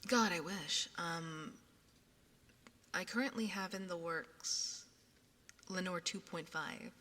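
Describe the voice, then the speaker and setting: A young woman chatting casually with her stream viewers, often dropping into a soft whisper, recorded on a binaural ASMR microphone. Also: lowish voice, slow pace, long reverb tail.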